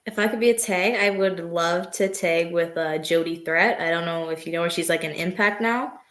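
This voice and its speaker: A woman's voice: lowish voice, moderate pace, a bit bright, roomy sound. A woman wrestler answering interview questions in easygoing casual chat, full of "like" and "um.". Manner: easygoing, heavy use of "like" and "um". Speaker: guest wrestler.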